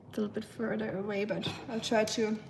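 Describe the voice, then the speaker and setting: A woman hosting a casual live stream while cooking, chatting with viewers and answering chat, with a slightly nasal, stuffy sound, recorded on a propped-up phone in her home kitchen. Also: mid-range voice. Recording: echoey kitchen with clear cooking noise.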